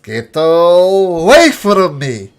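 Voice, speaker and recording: A man voicing a haughty, scornful male villain who shouts at the party in a tabletop game. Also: sits high, very animated, normal speed, voice pushed up, heavily acted. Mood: furious. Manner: shouting, contemptuous.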